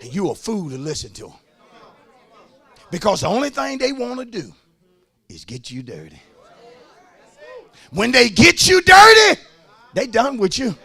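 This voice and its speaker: A man preaching a sermon as pastor, shouting and half-singing his lines, calling out to the congregation. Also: extremely high pitch, wildly swooping pitch, unhurried, gravelly, long pauses, some chatter behind.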